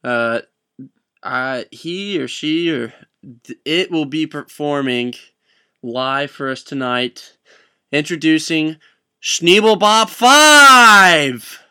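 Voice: medium pitch, slow, fairly bright tone, smooth. A person playing a stammering talk show host. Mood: awkward. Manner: stammering, hesitant.

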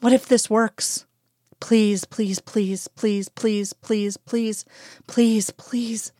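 A woman's voice: mid-range voice, steady tone, drawn-out words, mellow, no echo. A woman reading the lines of a dry-witted, anxious woman agent, with tart remarks and whispered pleading in her inner thoughts. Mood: desperate.

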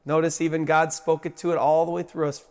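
Guy preaching a sermon, high voice, gets loud then drops real quiet. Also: level tone, quick pace, big-room sound. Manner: preaching with rising emphasis, then dropping to a low hush. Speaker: pastor.

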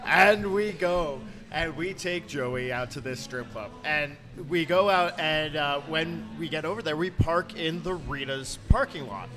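Male co-host, casual storyteller, slightly high voice, lots of fillers, faint music underneath. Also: a little slow, few pauses. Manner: rambling anecdote with fillers and acted quotes. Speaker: podcast co-host.

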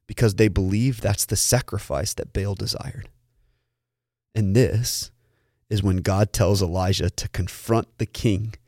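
A man's voice: fairly low pitch, a little mellow, no room sound, clean studio sound. A man preaching as a pastor, telling a story in earnest and often repeating words as he restarts. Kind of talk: sermon storytelling.

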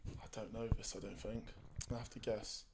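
Lowish male podcast guest, hesitant quiz contestant who thinks aloud. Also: steady tone, normal speed, vocal fry, a little mellow, slight background noise. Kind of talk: casual podcast chat.

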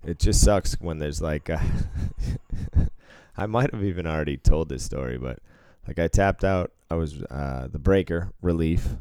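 A man's voice: very deep voice, a little slow, darkish tone, clear, resonant tone, no room sound. A man chatting casually, telling a story about his work and acting out what people said, laughing often. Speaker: casino floor supervisor. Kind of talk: casual chat.

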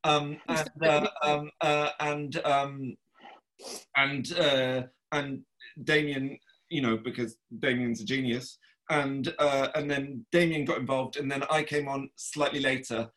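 A man answering as a guest in a panel interview, rambling and halting with many fillers. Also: mid-range voice, steady tone, a bit bright. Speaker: guest writer.

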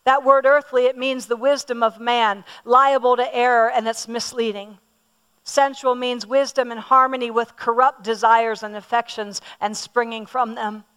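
Woman preacher, high pitch, personal and emphatic sermon delivery. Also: steady tone, moderate pace, a bit bright, clean tone. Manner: personal, emphatic, asks the audience questions; repeats words for emphasis.

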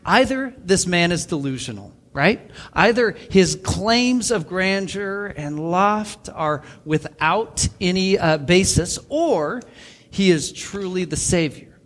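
Emphatic man preaching, fairly high voice. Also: animated, slow, a bit bright. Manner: emphatic, quotes scripture and authors. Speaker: pastor. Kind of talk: sermon. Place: church.

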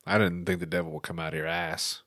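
A man's voice: low-pitched, level tone, fast, loud music behind the voice. A man hosting a casual reaction chat, joking and swearing freely. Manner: profane, laughing banter.

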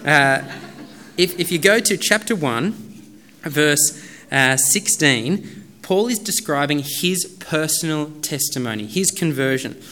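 A man's voice: fairly high pitch, expressive, slow pace, sharp tone. A man in his thirties preaching a sermon as a pastor, in a casual, conversational way with many fillers.

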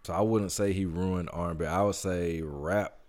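Low-voiced man explaining at easy length. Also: normal speed. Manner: relaxed, thoughtful, explains at length. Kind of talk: casual podcast chat.

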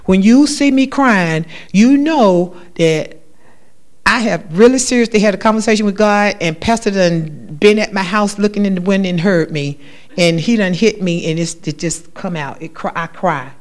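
A woman's voice: medium pitch, normal speed. A woman giving a spoken testimony in church, talking in an emphatic, repetitive, conversational way.

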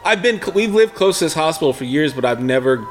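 A young man co-hosting a casual podcast, telling a story with lively quoted voices. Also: on the high side, fast talker. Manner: animated storytelling, acts out quoted talk. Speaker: podcast co-host. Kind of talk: casual chat.

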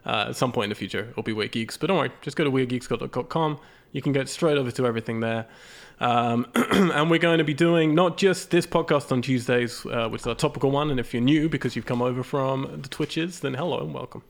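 A man hosting a casual podcast, his voice hoarse and raspy from a recent illness, talking in a loose, rambling way and laughing often. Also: mid-range voice, a little fast. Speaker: podcast host.

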